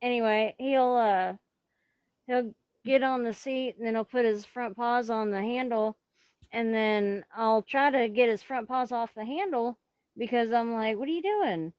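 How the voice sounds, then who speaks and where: Slow, giggly woman on a headset. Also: fairly high pitch, fairly even intonation, smooth, no room sound, muffled recording. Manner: giggly, rambling, often breaks off to talk to her cat. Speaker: guest streamer. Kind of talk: casual chat.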